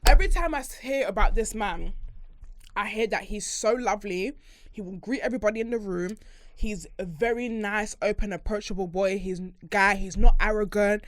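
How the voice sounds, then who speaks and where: A young woman, co-hosting a casual chat podcast in an animated, emphatic way, swearing freely. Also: mid-range voice, moderate pace. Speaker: podcast co-host.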